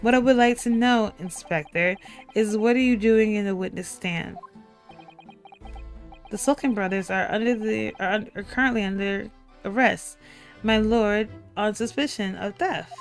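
A woman's voice: mid-range voice, moderate pace, faint music behind, natural voice. A woman voicing a formal, deferential male police inspector in a game courtroom.

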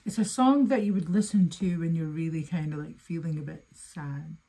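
Chatty young woman, husky voice. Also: deep voice, moderate pace, dark tone. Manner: chatty, emotional, talks straight to viewers. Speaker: music video reactor. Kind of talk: casual reaction commentary.

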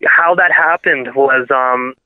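A man telling a story in a casual interview, excitable and laughing, acting out what others said. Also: medium pitch, slow pace, no echo. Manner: excitable, laughing, acts out quotes. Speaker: radio host and guest. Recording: dry tinny phone line.

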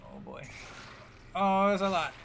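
Lively bright male voice, playful teasing banter, faint game sounds behind. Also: high-pitched, a little slow, gravelly, slight background noise. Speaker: co-commentator. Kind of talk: casual let's-play banter.

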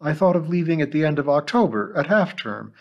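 A man's voice: on the high side, expressive, fairly quick, muffled recording, pitched above the performer's own voice. A man voicing a nervous grandmotherly schoolteacher. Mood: anxious. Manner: hesitant, fretful. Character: nervous middle-aged woman schoolteacher, grandmother.

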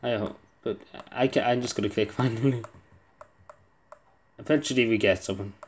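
A man's voice: medium pitch, steady tone, normal speed, slight background noise. A young man giving casual gameplay commentary, muttering to himself and swearing under his breath as he plays. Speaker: gaming video creator.

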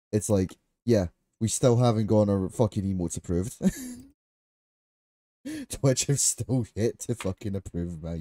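A man with a lowish voice streams a game live, chatting casually with viewers in an excitable, talkative way. He laughs often and swears freely, and the sound has no echo.

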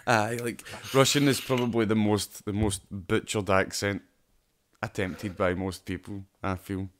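A man's voice: fairly low pitch, steady tone, a little slow. A Scottish man co-hosting a podcast in casual chat, blunt and swearing freely. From Scotland. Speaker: podcast co-host.

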